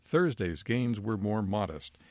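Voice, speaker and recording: A man reading a scripted world news bulletin as the anchor, in a measured, even newsreader delivery. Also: fairly low pitch.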